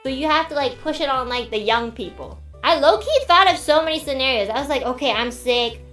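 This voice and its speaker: High-voiced woman streamer chatting. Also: quick pace. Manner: animated storytelling, swears, acts out quotes. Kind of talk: casual chat. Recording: roomy echo, faint music.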